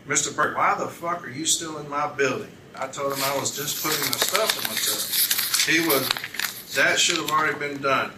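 Guy questioning a witness at a hearing, reads out letters line by line, sounds far off from the mic. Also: mid-range voice. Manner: methodical, reads documents aloud, corrects page numbers. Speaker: union advocate questioning a witness. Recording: echoey room, distant mic, background noise.

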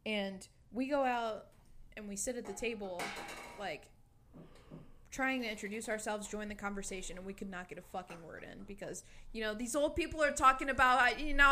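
A young woman in her twenties telling a lively story in casual chat, swearing freely and quoting her friend. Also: medium pitch, brisk. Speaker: guest storyteller.

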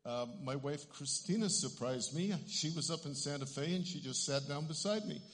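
A man in his sixties preaching a sermon, telling stories earnestly and growing animated at the high points. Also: normal speed, long reverb tail. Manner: earnest storyteller, animated when telling of healings. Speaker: ministry director. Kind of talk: sermon with storytelling.

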